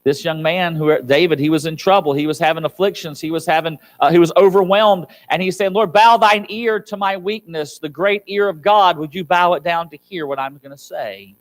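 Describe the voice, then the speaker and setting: A fairly high-voiced man preaches with emphasis, jumping from loud cries to quiet asides. The sound is dry and close, with little room around it. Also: moderate pace, hardly any pauses, no echo. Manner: emphatic preaching with acted-out quotes and a wide swing between loud and soft. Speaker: pastor. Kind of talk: sermon. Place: church sanctuary.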